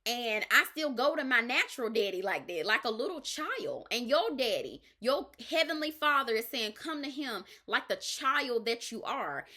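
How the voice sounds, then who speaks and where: A woman's voice: a little high, big pitch swings, normal speed, few pauses, pushed and bright. A woman life coach, giving an emphatic faith-based pep talk and often checking in with "all right?".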